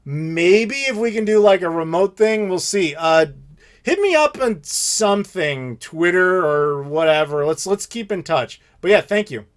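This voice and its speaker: An American man in his thirties hosting a live Q&A stream, telling stories in a blunt, animated, profane way. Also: sits high, measured pace. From United States. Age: 30s. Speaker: channel host.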